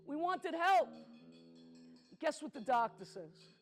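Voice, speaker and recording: Here a middle-aged woman from the Bronx tells theatrical stories alone onstage, talking conversationally to the audience and slowing for effect. Her high voice swings widely in pitch, with faint music behind her.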